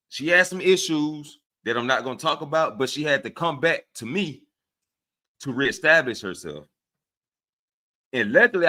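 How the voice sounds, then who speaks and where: On his casual livestream, this Southern US host addresses his viewers in an animated, preachy way, frequently checking in with a "right?" His pitch sits fairly high.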